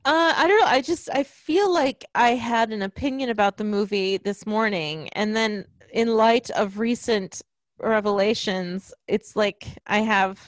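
A woman's voice: a little high, unhurried, no room sound. A woman co-hosting a casual podcast chat, telling rambling stories and laughing often. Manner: rambling storyteller, giggly. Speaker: podcast co-host.

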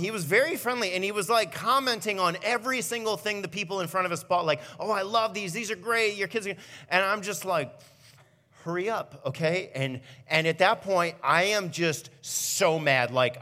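A man, a student pastor, giving a sermon with animated, self-mocking personal stories. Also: high-pitched, long reverb tail. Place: church auditorium.

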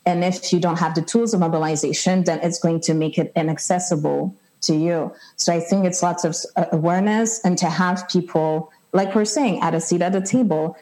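A woman speaking thoughtfully in a panel discussion, often pausing with "like.". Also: on the low side, steady tone, mellow, low-quality recording. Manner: thoughtful, frequent "like" fillers.

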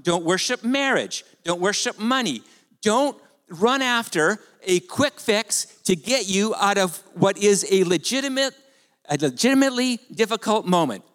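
Animated male pastor in a reverberant hall. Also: high voice, measured pace. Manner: animated, conversational preaching with rhetorical questions. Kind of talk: sermon.

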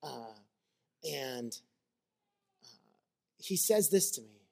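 A man's voice: medium pitch, expressive, drawn-out words, creaky, dark tone. A man preaching a sermon as a pastor, earnest and conversational, mixing scripture with personal stories.

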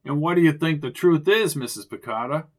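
Narrator doing a wry sharp investigator guy, dry quippy delivery, fairly high voice. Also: a little fast, close to an everyday voice. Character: wry, quick-witted male investigator. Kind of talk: audiobook character voice.

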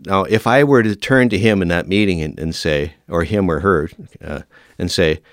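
A middle-aged man, a firefighter, telling lively stories in an interview and acting out the dialogue. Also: deep voice, normal speed, dry recording, clean studio sound. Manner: animated storyteller, acts out quoted dialogue. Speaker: firefighter guest. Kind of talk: storytelling in an interview.

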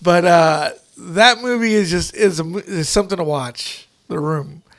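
A man's voice: sits high, moderate pace, fairly bright tone. A man co-hosting a podcast in casual chat, rambling with lots of fillers and frequent laughter. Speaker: podcast host.

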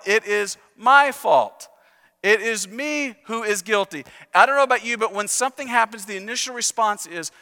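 A man's voice: very high voice, pushed and bright, clear, resonant tone. A man preaching a sermon in a conversational, self-deprecating storytelling way, asking the congregation to repeat after him. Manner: urges the congregation to repeat phrases. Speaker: pastor. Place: church sanctuary. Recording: reverberant church sanctuary.

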